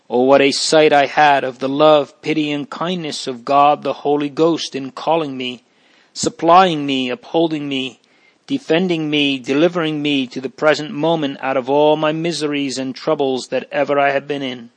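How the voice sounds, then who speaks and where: A man's voice: mid-range voice, steady tone, measured pace. Fervent male reader of an old memoir. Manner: earnest, fervent reading with emotional swells. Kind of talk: reading aloud an old religious memoir.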